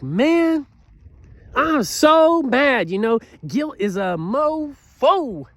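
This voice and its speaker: A man in his thirties giving a motivational talk to camera, earnest and preachy, who keeps asking "you know what?" and swings between loud bursts and quiet, low passages. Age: 30s. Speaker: motivational speaker.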